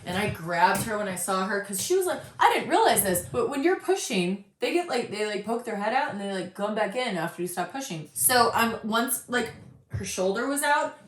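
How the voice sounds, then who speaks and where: A woman in her thirties talks through a reaction video, blunt and sarcastic, swearing freely. Her pitch swings widely as she reacts. The room gives her voice a noticeable echo. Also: sing-song, normal speed. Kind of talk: casual reaction commentary.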